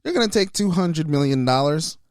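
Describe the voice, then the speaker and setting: A man's voice: a little high, expressive, a little fast, dry recording, studio quality. A man co-hosting a casual podcast chat, tossing in emphatic, slangy quips. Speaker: podcast co-host.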